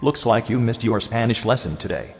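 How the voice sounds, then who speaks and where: A man's voice: mid-range voice, lively intonation, a little fast, natural voice. A man voicing an ominous figure who threatens a learner who skipped a lesson. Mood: menacing. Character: menacing male voice threatening a lazy learner. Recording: dull lo-fi clip with long reverb and music.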